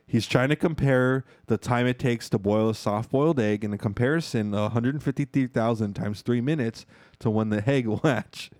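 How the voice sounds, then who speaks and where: A man hosting a podcast, recapping a movie in loose, profane chat and acting out lines in quick asides. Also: medium pitch, a little mellow, no echo, clean studio sound. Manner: profane, keeps calling listeners "foos", acts out movie dialogue in quick asides. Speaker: podcast host.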